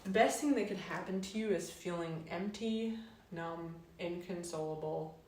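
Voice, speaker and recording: Low-voiced woman musing in a roomy space. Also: far from the mic, slight background noise. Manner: unhurried, searching, drawn-out phrasing with soft trailing lows. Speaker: wellness host. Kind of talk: reflective casual monologue. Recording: roomy, mic set back.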